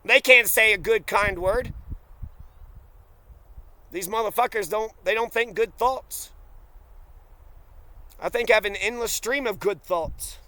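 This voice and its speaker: A man's voice: high voice, measured pace, long pauses, sharp tone. A man delivering a bitter, profane, accusatory personal rant straight to camera. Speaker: vlogger.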